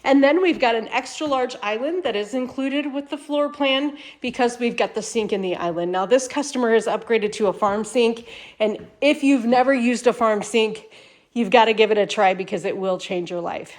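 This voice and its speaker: A woman's voice: a little high, normal speed. A woman hosting a casual home tour vlog as a salesperson, upbeat, chatty and enthusiastic, a little congested from a cold. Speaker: manufactured home salesperson and channel host.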